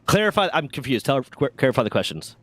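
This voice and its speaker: A man's voice: medium pitch, fast talker, no room sound. A man telling casual, rambling, profane stories while streaming a game. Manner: rambling, profane, lively anecdotes. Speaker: streamer and storyteller. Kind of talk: casual storytelling while gaming.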